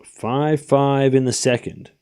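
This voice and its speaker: A man's voice: mid-range voice, steady tone, slow pace, mellow, clear, resonant tone. A young Australian man streaming live tennis commentary, calling points and bantering with his chat. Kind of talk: live watchalong commentary, chatting with viewers.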